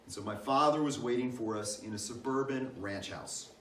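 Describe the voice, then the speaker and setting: A man's voice: medium pitch, normal speed, a bit bright, a little hiss or hum. An older man reading a personal essay aloud at a church Christmas program, in a reflective storytelling manner. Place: church meeting house. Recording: echoey hall, mic some distance off.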